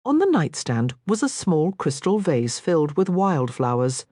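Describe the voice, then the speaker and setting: A woman reading an audiobook aloud in expressive, measured scripted narration. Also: low-pitched, no echo, clean studio sound.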